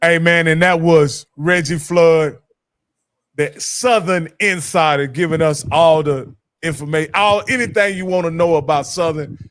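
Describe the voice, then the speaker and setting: Easygoing man hosting sports talk, slightly high voice, dry close sound. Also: steady tone, measured pace, a bit bright, no echo. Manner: easygoing, addresses viewers directly. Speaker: show host.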